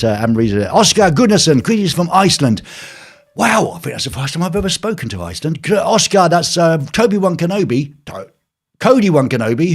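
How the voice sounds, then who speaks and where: A man hosting a live stream from his home flat, chatting casually with viewers in a jokey, rambling way full of fillers. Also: mid-range voice, husky. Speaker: live show host.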